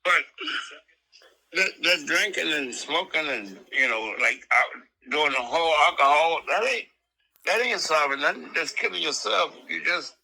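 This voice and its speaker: Husky, fry-edged man, slightly high, blunt aside. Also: expressive, measured pace, bright, forceful tone, poor audio. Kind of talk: casual chat.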